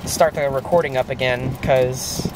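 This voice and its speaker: A man's voice: medium pitch, steady tone, moderate pace. A man vlogging casually from a moving car, rambling, joking and swearing as he drives. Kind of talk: casual vlog while driving. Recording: road noise from a car.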